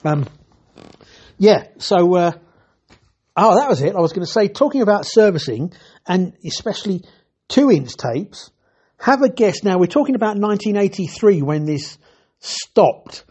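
A man's voice: sits high, sing-song, slow, pauses often, darkish tone, slightly rough, lo-fi sound. An older man telling chatty, dryly humorous stories about his years as a TV technician. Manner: chatty, self-interrupting, dry humour. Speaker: retired TV technician. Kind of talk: anecdotal storytelling.

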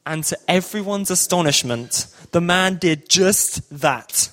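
A man's voice: sits high, animated, slow pace, a bit bright. A man telling a comic story and leading a group in a playful, upbeat, ad-libbing way.

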